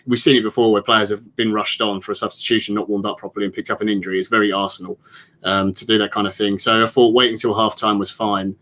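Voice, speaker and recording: A man's voice: lowish voice, fairly bright tone. A man giving casual football analysis on a podcast, rambling and talking through lots of fillers and restarts. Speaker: podcast pundit.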